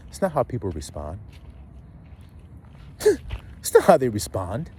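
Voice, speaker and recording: A man delivers a blunt, profane sermon, firing question after question at his listeners. His pitch leaps high and drops low as he builds each point. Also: huge pitch swings, unhurried, pauses often, darkish tone, slight background noise. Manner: blunt, profane street preaching with rhetorical questions. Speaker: preacher.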